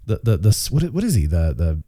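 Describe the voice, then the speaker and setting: Casual podcast host, male, recovering from covid, mellow tone, animated pitch, rambling and self-correcting. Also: fast talker, no echo, studio quality. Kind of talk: casual chat.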